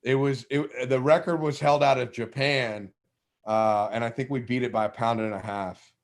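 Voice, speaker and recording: A man's voice: medium pitch, fairly even intonation, normal speed, vocal fry. A man hosting a live fishing show, reading out viewer comments and chiming in eagerly between stories. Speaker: show host. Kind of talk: casual live interview.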